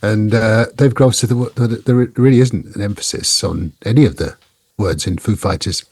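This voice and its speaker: A man co-hosting a rock podcast, talking in a rambling, halting way with many restarts. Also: fairly low pitch, darkish tone, husky, no echo. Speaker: podcast co-host. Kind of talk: casual chat.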